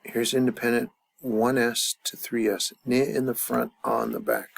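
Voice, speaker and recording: A man's voice: medium pitch, big pitch swings, unhurried. A man teaching a grammar lesson at a chart, thinking aloud with many fillers and restarts. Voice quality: gravelly. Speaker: language teacher.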